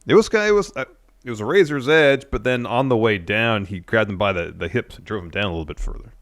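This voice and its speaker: Deep-voiced man recapping a show. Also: fast, no echo, clean studio sound. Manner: steady recapping, reads out quotes. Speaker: co-host. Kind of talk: casual podcast recap.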